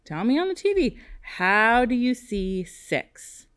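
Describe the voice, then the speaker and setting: A woman teaching a first grade class on television, speaking in a slow, sing-song voice aimed at young children. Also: gravelly. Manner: slow, animated, sing-song teacher talk with big pitch swings.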